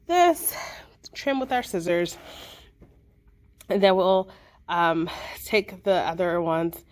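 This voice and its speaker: A young adult woman, a librarian, chatting and encouraging as she walks through a simple craft for kids. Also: on the low side. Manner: chatty and encouraging, with many fillers. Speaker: children's librarian hosting a craft video. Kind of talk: casual craft tutorial.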